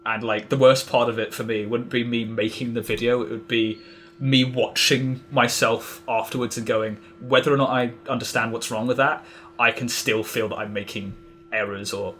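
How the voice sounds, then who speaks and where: A man's voice: medium pitch, flat delivery, moderate pace, fairly bright tone, slight background noise. A young man talking as a podcast guest, hesitant and casual, full of fillers and restarts. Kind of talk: casual conversational interview.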